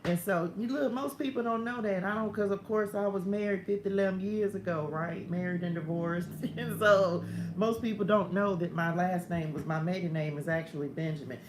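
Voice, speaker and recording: A woman's voice: lowish voice, normal speed, background noise. Chatty middle-aged woman in a roomy room. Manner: talkative, laughs often, drifts into side stories. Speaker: host of a morning spiritual livestream. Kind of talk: casual chatty devotional livestream. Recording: roomy room with faint ambience.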